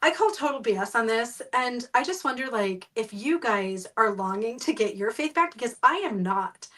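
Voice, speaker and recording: A woman's voice: on the high side, expressive, normal speed, fairly bright tone, recorded from a distance. A woman host in casual podcast talk, blunt and sarcastic, who swears freely.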